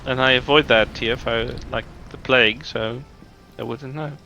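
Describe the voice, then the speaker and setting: A man's voice: medium pitch, fairly even intonation, moderate pace, pushed and bright, dull audio, soft background music. A man chatting casually while gaming, grumbling and restarting his words. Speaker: co-host gaming on stream.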